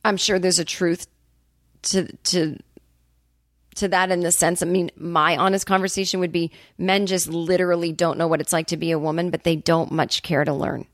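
A woman with a lowish speaking voice tells a long, rambling story with profane, sarcastic asides. The sound is dry and close, with no room around her. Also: no room sound. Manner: animated storyteller, quick asides. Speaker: comedian podcast host. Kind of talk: casual solo monologue.

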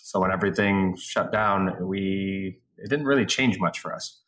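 A man's voice: deep voice, moderate pace, a bit bright. A man being interviewed as a guest, talking in a rambling, self-deprecating way. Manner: rambling and self-deprecating, with many fillers and restarts. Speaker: guest actor. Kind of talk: casual interview chat.

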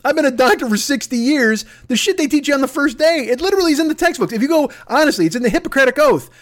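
A man's voice: very high-pitched, animated, rapid-fire, voice pushed up. A man doing an impression of an exasperated elderly male doctor who pleads and begs. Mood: pleading.

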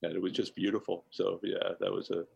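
Man, very low voice, gravelly, husky, animated storyteller, dry close sound. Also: brisk, no room sound, dull audio. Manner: animated storyteller, laughs often. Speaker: guest chef. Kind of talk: personal anecdote in interview.

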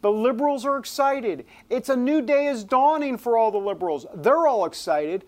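A man hosts a casual political talk show with a playful, theatrical delivery. Now and then he drops his voice low and spooky for effect. Rain and rolling thunder play behind him. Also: animated, normal speed.

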